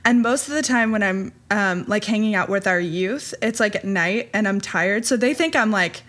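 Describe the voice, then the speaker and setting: A woman from the American South hosting a podcast, chatting in an animated, teasing way and giggling often. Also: medium pitch, moderate pace. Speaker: podcast host. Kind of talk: casual podcast chat.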